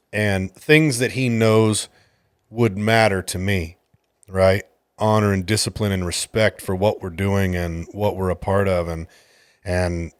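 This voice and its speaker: A man's voice: sits low, no echo, clean studio sound. A man hosting a podcast, a jiu-jitsu coach telling a story in a casual, exasperated and profane way.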